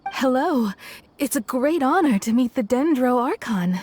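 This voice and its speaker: An actress playing a gentle, loving wife and mother in a video game, speaking in a soft, polite, tender way. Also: sits high, animated, measured pace, noisy background.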